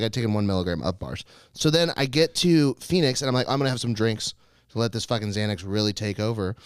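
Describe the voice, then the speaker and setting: A man's voice: mid-range voice, no echo, studio quality. A young man, a comedian co-hosting a podcast, telling rambling stories in casual chat and laughing often.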